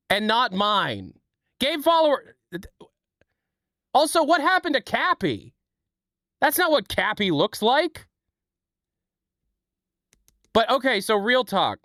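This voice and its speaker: Male streamer, lively pitch swings, casual and profane, dry close mic. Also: slow, pauses often, no room sound. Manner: animated, swings pitch, thanks viewers, swears. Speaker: livestream host. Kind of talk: casual live-stream chat.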